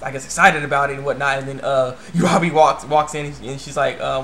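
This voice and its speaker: A man's voice: mid-range voice, fairly even intonation, a little fast, few pauses, bright, forceful tone, a little hiss or hum. A young man casually recapping an anime episode, rambling with lots of fillers and "he's like". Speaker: anime reviewer.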